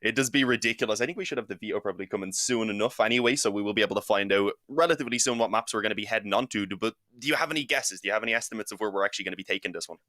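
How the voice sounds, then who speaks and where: A man casting esports, chatting through pre-match commentary in a quick, talkative way. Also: on the low side, sharp tone, dry recording. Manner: chatty and quick, laughs between points. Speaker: esports caster.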